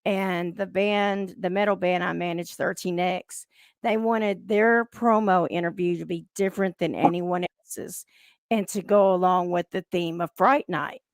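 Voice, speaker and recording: A woman's voice: on the low side, steady tone, measured pace, no echo, studio quality. A middle-aged woman with a Southern US accent, hosting a podcast in casual chat, telling stories and laughing often. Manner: chatty storyteller, laughs often. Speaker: podcast host.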